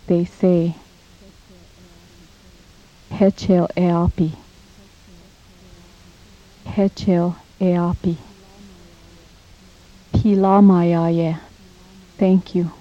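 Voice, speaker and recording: A woman teaching a recorded language lesson, saying each phrase slowly and repeating it for practice, on a dull lo-fi cassette tape. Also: fairly low pitch.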